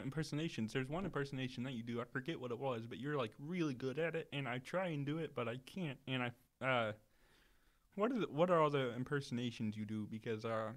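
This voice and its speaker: A man co-hosting a casual podcast chat, talking loudly and rambling with many restarts. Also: mid-range voice. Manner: loud, rambling, restarts a lot. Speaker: podcast co-host.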